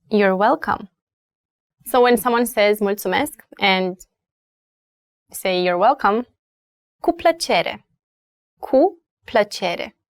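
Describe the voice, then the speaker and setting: Slow Romanian-accented woman teaching. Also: mid-range voice, no echo. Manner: slow, repeats phrases for learners. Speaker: language teacher. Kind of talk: language lesson.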